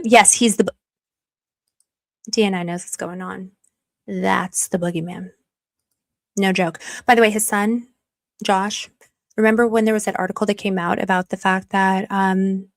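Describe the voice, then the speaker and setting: Excitable rambling woman streamer. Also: medium pitch, no room sound. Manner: rambling, excitable, apologetic asides. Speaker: channel host. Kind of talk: casual livestream chat to viewers.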